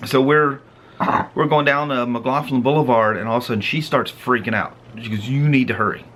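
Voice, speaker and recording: A middle-aged man spins a family story in a relaxed, chatty way. He gets animated and acts out the big moments. A faint hum of noise sits behind him. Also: mid-range voice, brisk. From Pacific Northwest of the US. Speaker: vlog host. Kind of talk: casual storytelling.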